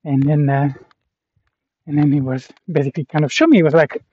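A Canadian man vlogs to the camera as he walks a long-distance pilgrimage trail, rambling reflectively and self-awarely with plenty of fillers and restarts. His voice is fairly high, fairly even in intonation, brisk, and a little breathy. The lo-fi recording sounds dull.

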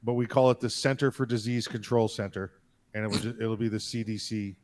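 A man co-hosting a podcast, rambling and joking deadpan in casual chat. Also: lowish voice, brisk. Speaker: podcast co-host.

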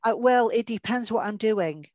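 A woman's voice: a little high, moderate pace, darkish tone, no echo, highs cut off. Chatty woman, dry sound. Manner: chatty, anecdotal, laughing now and then. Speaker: guest medium. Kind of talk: podcast interview.

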